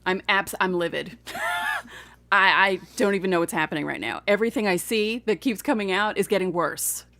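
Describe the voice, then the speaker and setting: A woman's voice: medium pitch, brisk, hardly any pauses, sharp tone, dry recording. Woman guest on a sports podcast, exasperated and emphatic, dry close sound. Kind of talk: casual sports podcast chat.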